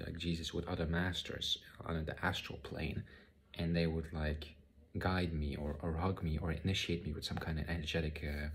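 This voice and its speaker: A man telling a personal spiritual story in a halting way, often repeating words and using many fillers. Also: very deep voice, a little hiss or hum. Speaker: spiritual vlogger. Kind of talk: personal testimony monologue.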